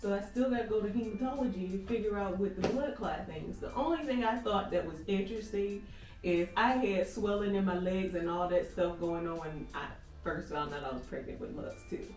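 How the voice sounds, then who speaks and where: A woman vlogger, telling a lively story in casual chat and acting out each conversation. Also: medium pitch, fairly quick. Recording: echoey room, far from the mic, music behind.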